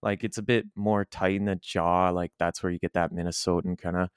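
A young man with a lowish, smooth voice chats and tells rambling stories, laughing often. He sounds close and dry, with no room around him. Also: level tone, fairly quick, no echo. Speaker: podcast co-host. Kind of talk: casual chat.

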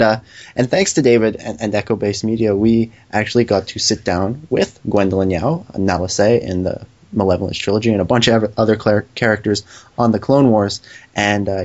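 A man's voice: lowish voice, moderate pace, darkish tone, muffled recording. A man hosting a podcast, welcoming a guest in friendly, eager tones and often repeating words. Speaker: podcast co-host. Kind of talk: casual podcast interview.

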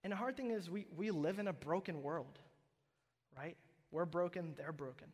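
Emphatic pastor preaching in a reverberant hall. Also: male voice, fairly high pitch, normal speed. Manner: conversational and emphatic, with frequent "like" and "right?". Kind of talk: sermon.

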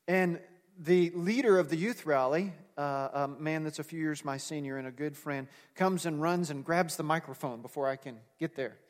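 A man delivers a sermon in an earnest, conversational tone, loosening his points with fillers along the way. His voice sits high for a man. The sound carries the long reverb of a large church hall. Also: moderate pace. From United States. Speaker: pastor.

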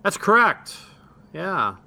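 Male player, very bright tone, relaxed slow chat, lots of "uh". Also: high voice, vocal fry. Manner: casual, hesitant, with fillers. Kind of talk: casual tabletop game chat.

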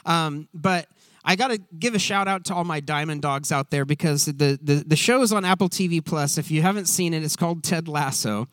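A man preaching in a loose, casual way, animated and rambling with lots of fillers and restarts. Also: fairly high pitch, brisk, smooth, no echo. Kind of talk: casual sermon aside.

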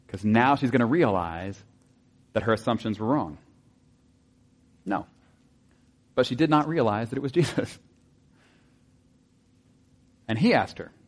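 A man preaching a sermon in a conversational way, asking his listeners rhetorical questions and dropping into soft asides. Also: mid-range voice. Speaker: pastor.

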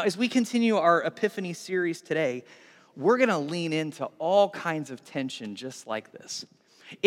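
A man preaching a sermon as pastor, animated, acting out the voices of people in the story. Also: fairly high pitch. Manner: animated, acts out voices of villagers. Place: church sanctuary. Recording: long hall reverb.

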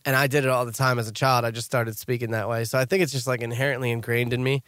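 A man's voice: mid-range voice, level tone, fast talker, fairly bright tone, no room sound. A young man in casual podcast chat, rambling with lots of fillers and restarts.

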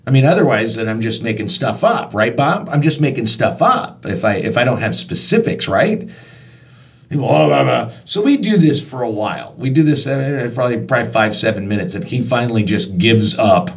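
A man's voice: mid-range voice, lively intonation, a little fast. Man telling a story, distant mic. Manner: conversational, acts out dialogue with restarts. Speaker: storyteller recalling work as concert venue staff. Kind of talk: told personal anecdote. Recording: voice picked up from a distance.

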